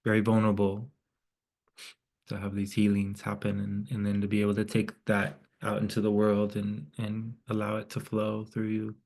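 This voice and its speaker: Gravelly, husky-voiced man facilitating a call. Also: on the low side, completely flat delivery, normal speed, a little mellow. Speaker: group facilitator. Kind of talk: leading a community call.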